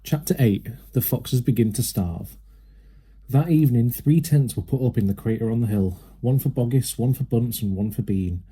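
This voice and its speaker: A man narrating a children's storybook aloud with a steady, lively manner. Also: mid-range voice, moderate pace, breathy edge. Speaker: reader.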